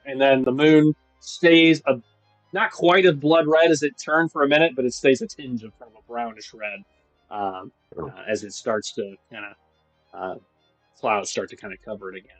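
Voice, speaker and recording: A man running a tabletop game as game master, describing scenes at length with many pauses and restarts. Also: medium pitch, no room sound, poor audio. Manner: descriptive, with frequent fillers and restarts. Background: faint music.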